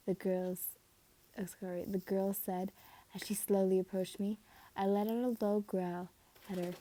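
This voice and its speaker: A woman's voice: medium pitch, little pitch movement, a little slow, mellow. A woman reading a fan story aloud in a casual way, stumbling and correcting herself as she goes. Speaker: reader.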